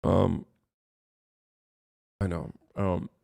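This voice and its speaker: A man's voice: sits low, level tone, drawn-out words, gravelly, mellow, no room sound. A man ranting on his livestream, heated and profane, rambling as he talks to his chat from his streaming room.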